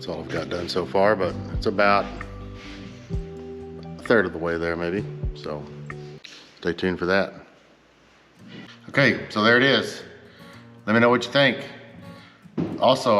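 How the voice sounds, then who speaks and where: A man's voice: low-pitched, fairly bright tone, in a large hall. A man hosting a motorcycle vlog, talking casually and earnestly to his viewers and asking them for advice. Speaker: motorcycle vlogger. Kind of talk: casual chat to camera.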